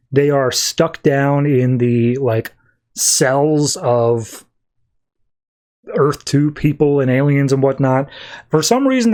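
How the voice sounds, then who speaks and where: A man talks through a comic storyline in relaxed podcast chat. His voice sits at a middle pitch. He keeps slipping into quick quoted dialogue and filler words as he goes. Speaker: podcast host. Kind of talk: casual comic recap.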